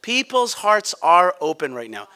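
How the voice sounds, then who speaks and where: A man's voice: high-pitched, sing-song, measured pace, pushed and bright, smooth. A man speaking on a conference panel, blunt and emphatic, often restarting his sentences. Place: conference hall.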